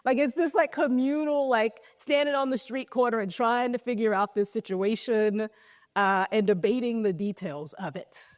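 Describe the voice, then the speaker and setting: Woman preacher, higher register, dry close sound, casual storytelling sermon. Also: moderate pace, dry recording. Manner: casual storytelling with frequent "like" fillers. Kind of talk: conversational sermon. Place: church service.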